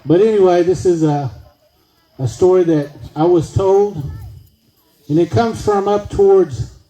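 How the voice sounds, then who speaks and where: A man's voice: sits high, unhurried, dark tone, poor audio. A man emceeing an outdoor evening event, upbeat and rousing the crowd. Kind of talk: hosting a live event.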